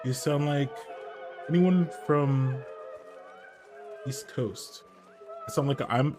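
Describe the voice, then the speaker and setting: A man from the American Midwest chatting casually while he streams a game, answering his chat's questions out loud. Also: mid-range voice, takes it slowly, long pauses, soft background music. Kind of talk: casual gameplay commentary.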